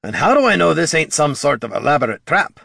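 A man voicing a gruff, blunt male dwarf adventurer who talks in plain, folksy slang, in a dry studio read. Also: a little high, very animated, fast talker, pushed and bright, dry recording, voice pushed up, full character voice.

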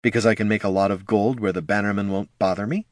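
A man's voice: lowish voice, fairly even intonation, fast, no room sound, studio quality, lightly acted. A man voicing a stubborn, hot-tempered female fire mage who answers curtly. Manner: curt, growling, defensive.

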